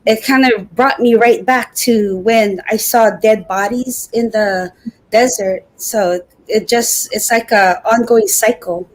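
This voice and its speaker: A middle-aged woman guest speaking earnestly and with emotion, halting at times, in an interview over a video call. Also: fairly high pitch. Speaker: guest, Air Force veteran. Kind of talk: personal interview talk.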